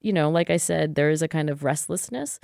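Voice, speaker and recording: A woman psychologist and author being interviewed, speaking in an earnest, thoughtful way with quick restarts. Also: low-pitched, vocal fry, a little mellow, no echo, clean studio sound. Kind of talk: interview conversation.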